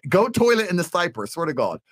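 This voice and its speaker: Male podcast guest, animated storyteller, slightly high voice, close dry studio sound. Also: fast, slightly rough, dry recording. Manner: animated, swinging between low mutters and high bursts. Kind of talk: casual storytelling. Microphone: studio mic.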